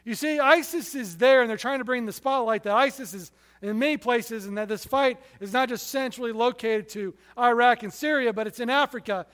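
High-voiced man preaching in a hall. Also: a little fast, few pauses. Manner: impassioned storytelling, rising and falling sharply in loudness. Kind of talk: sermon.

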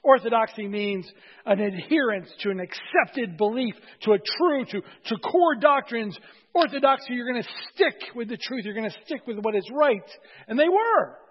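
Husky high-voiced male pastor preaching. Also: expressive, moderate pace. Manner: conversational, joking with congregation. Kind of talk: sermon. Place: church. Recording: dull audio in a reverberant hall.

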